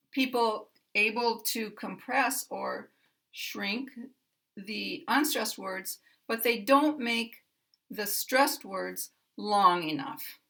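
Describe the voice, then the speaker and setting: A woman's voice: on the high side, gravelly, pushed and bright. An American woman teaching pronunciation, explaining carefully and stretching stressed words to demonstrate them.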